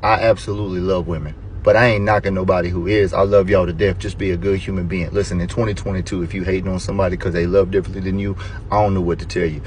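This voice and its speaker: A man's voice: deep voice, flat delivery, fast, slight background noise. A man telling a story in a casual, joking and self-mocking way in a vlog clip. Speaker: vlogger in a played clip.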